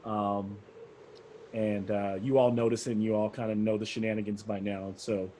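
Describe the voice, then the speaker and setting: A man's voice: fairly low pitch, level tone, moderate pace, warm tone, a little hiss or hum, poor audio. A man narrating a tabletop game as game master, with a rambling, hesitant delivery full of fillers.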